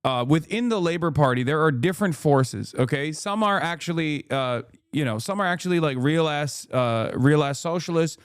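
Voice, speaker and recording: A man's voice: fairly high pitch, expressive, moderate pace, hardly any pauses, clean tone, dry recording, clean studio sound. An American man giving heated, profane and sarcastic commentary while reacting to clips. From United States. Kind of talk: ranting commentary.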